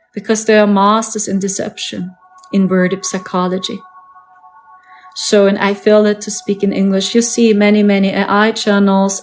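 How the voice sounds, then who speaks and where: A woman speaks English with a German accent, at a middle pitch, in an earnest, repetitive live-stream monologue. She leans on her points by saying them twice. Faint music plays behind her. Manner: earnest, repetitive, emphatic phrasing.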